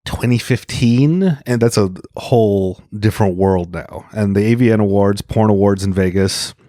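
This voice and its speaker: Blunt, animated male comedian, dry sound. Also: on the low side, normal speed, no echo. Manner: animated storyteller, blunt, acts out other people's voices. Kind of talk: casual podcast chat.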